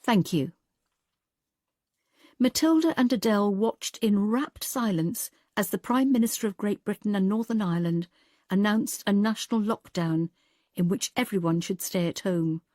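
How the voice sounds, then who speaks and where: Mellow woman reading a story. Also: medium pitch, normal speed, no echo, clean studio sound. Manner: calm, even storytelling. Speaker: audiobook narrator. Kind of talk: scripted narration.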